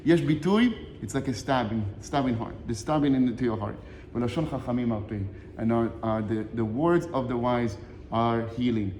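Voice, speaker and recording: Male Torah teacher, high-pitched and quick, animated storyteller mixing Hebrew quotes with English; echoey reverberant room. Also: a little hiss or hum. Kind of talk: short Torah lesson retelling a Talmud story.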